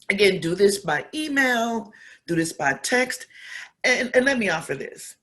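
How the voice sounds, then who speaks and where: A woman's voice: mid-range voice, fairly bright tone. A woman giving an earnest advocacy speech, repeating phrases for emphasis and growing emotional. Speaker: community speaker.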